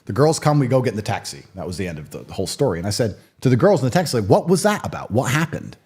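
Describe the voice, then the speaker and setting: A man in his late thirties speaking in a casual interview, telling stories in an emphatic, animated way. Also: fairly low pitch, rapid-fire, husky. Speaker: guest.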